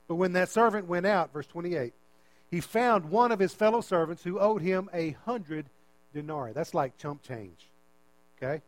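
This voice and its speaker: High-voiced man preaching with rising emphasis. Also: fairly quick, no room sound, low-quality recording. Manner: preaching with big swings in pitch and loudness, repeating words for emphasis. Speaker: pastor. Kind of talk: sermon.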